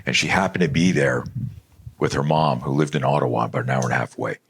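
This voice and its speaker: A middle-aged man from Canada, a self-defense instructor guesting on a podcast, telling a story in an animated, blunt way and swearing freely. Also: very deep voice, quick pace, a little hiss or hum. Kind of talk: storytelling in a conversational interview.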